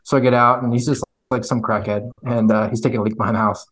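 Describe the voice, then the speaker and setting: Laid-back former cop guy rambling through a story, average pitch. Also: little pitch movement, quick pace, a bit bright, low-quality recording. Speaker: podcast co-host, former police officer. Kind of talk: casual chat.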